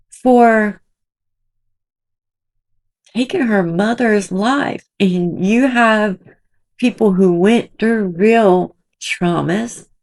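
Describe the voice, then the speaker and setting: Slow, gravelly-voiced woman vlogging indignantly. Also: mid-range voice, a little mellow. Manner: indignant, emotional, rambling. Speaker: commentary channel host. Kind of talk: emotional vlog commentary. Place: small cramped room at home.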